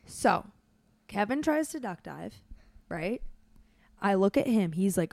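A woman's voice: medium pitch, lively intonation, slow pace, gravelly, long pauses, no echo, clean studio sound. Eager mother prompting her son. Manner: eager, prompting with "right?" questions; acts out voices while retelling. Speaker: parent interviewing her son. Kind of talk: casual storytelling chat.

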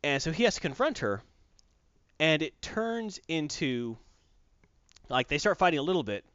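Brief: male co-host, animated storyteller, muffled dry sound. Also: on the high side, moderate pace, smooth, no room sound. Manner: animated storytelling, acting out characters. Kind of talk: casual comic book chat.

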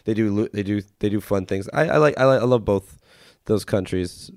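Low voiced guy on a comedy podcast, crude jokes, keeps laughing. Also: a little mellow. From United States. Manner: crude rapid-fire joking with frequent laughs. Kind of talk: casual comedy podcast banter.

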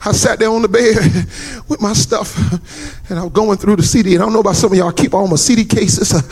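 High-voiced, gravelly preacher man over music. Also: fast talker. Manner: storytelling, dramatic and shouting at peaks. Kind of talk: testimony sermon. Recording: music playing under the voice.

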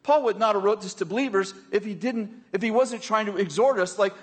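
A man preaching a sermon to his congregation, conversational and quick to make joking asides to the room. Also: sits high, slightly rough, in a large hall. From United States. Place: church hall with a congregation.

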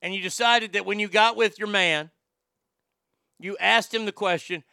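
A man's voice: high voice, moderate pace, vocal fry, bright, forceful tone, clear, resonant tone, no echo, studio quality. A man hosting a comedy podcast, rambling and joking crudely, often stammering and repeating words. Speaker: podcast host.

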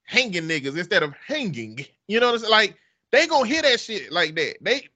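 High-pitched and quick, a man with a Southern Alabama accent chats expressively, peppering his talk with curses and frequent laughs.

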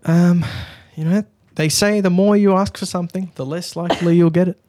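A man's voice: sits high, steady tone, fairly quick, dark tone, no echo, studio quality. A man hosting a casual podcast, rambling and joking with plenty of swearing. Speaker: podcast host.

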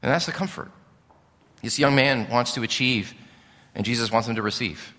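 A man's voice: medium pitch, moderate pace, sharp tone, long reverb tail. A male pastor preaching a sermon in an earnest, pleading, emphatic way, with rhetorical questions.

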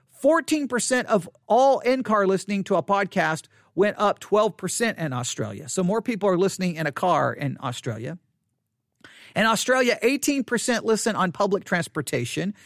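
Big pitch swings mark this podcaster's mid-range voice, at a moderate pace in a dry recording. Speaking alone into a close studio microphone about listener statistics, they make incredulous asides and restart often.

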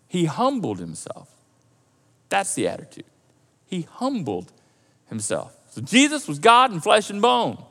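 A male pastor preaching a sermon in a lively, conversational way and often repeating himself. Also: high-pitched, a little slow. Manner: animated, conversational preaching with repetitions. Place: church auditorium. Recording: echoey hall.

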